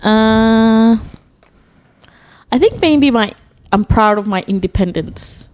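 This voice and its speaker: A woman's voice: on the high side, lively intonation, slow, darkish tone. A young woman co-hosting a podcast, chatting casually with many restarts and fillers. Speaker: podcast co-host. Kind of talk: casual chat.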